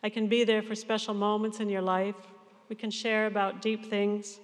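Woman in her sixties, pastor, earnest measured sermon, long church reverb. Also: mid-range voice, little pitch movement. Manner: earnest, measured farewell address.

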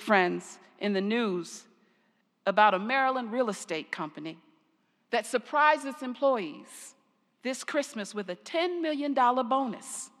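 An older woman pastor preaching a sermon, telling stories slowly and deliberately, her phrase endings trailing off softly. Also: high-pitched. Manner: slow, deliberate storytelling with soft trailing endings. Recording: long reverb of a large hall.

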